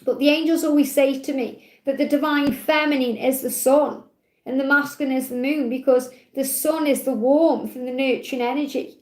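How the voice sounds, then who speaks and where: A woman gently reading oracle card messages aloud in a live walkthrough, affirming each one with soft praise. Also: high-pitched, fairly even intonation, normal speed, reverberant. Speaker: tarot and oracle card reader.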